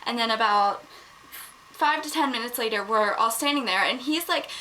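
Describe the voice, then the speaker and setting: A teenage girl telling a storytime vlog in a casual chatty way, filling her talk with "like" and getting loud and indignant as she retells. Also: fairly high pitch, normal speed, slight background noise, poor audio. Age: teens. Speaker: vlogger. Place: home, at one point in a bathroom.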